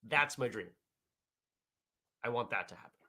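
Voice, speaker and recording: A man hosting a casual morning vlog show, chatting in a relaxed, rambling way as he reads viewer comments. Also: mid-range voice, unhurried.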